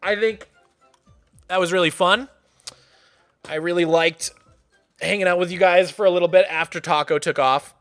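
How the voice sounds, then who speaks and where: A young man chatting casually while hosting a game stream, excitable and playful, greeting viewers by name. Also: high-pitched, moderate pace, long pauses, smooth, soft background music. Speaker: livestreamer and server host.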